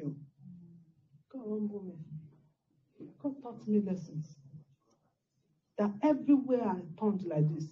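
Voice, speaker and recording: Emotional woman pastor, husky. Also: fairly high pitch, warm tone, dull audio. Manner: emotional storytelling, repeats words, exclamations. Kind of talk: sermon testimony.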